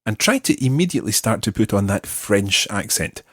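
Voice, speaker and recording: A man hosting an audio language lesson, explaining patiently and modeling words slowly for listeners to repeat. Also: lowish voice, very animated, slightly rough, dry recording. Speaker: language teacher and host.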